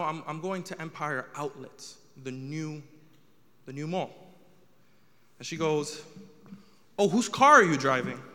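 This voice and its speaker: A man's voice: fairly high pitch, bright, forceful tone, in a large hall. A young man doing a stand-up comedy set, telling a story with rising exasperation.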